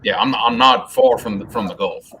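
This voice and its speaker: A man's voice: medium pitch, normal speed, bright, forceful tone. A man from Louisiana with a Southern Louisiana accent, chatting casually on a fishing live stream, repeating words as he goes. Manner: drawling, repeats words as he talks. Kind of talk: casual chat. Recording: faint outdoor background noise.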